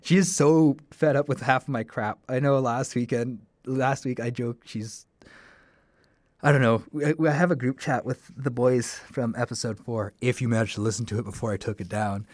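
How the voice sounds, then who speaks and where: A young man, hosting a casual solo podcast. He talks in a middle-pitched, eager, rambling way. The recording is dry and close, with no room echo. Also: fairly even intonation, moderate pace, a little mellow. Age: young adult. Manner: enthusiastic, rambling. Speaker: solo podcast host, broadcasting student.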